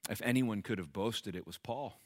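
A middle-aged man preaching a sermon to a congregation, animated, often jumping into loud acted-out voices. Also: on the low side, moderate pace, no room sound, clean studio sound. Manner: animated, acts out bragging characters loudly. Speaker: pastor.

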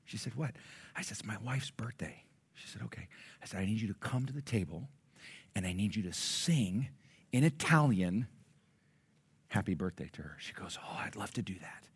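A middle-aged man preaching a sermon, telling a story with loud excited bursts and soft low asides. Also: normal speed, long pauses, husky. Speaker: pastor.

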